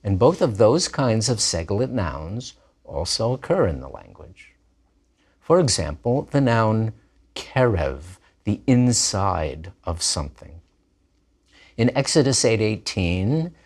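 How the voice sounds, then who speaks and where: A man giving a scripted lesson, lively and deliberate as he sounds out words. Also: on the low side, slightly rough. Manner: animated, plays with vowel sounds. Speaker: teacher.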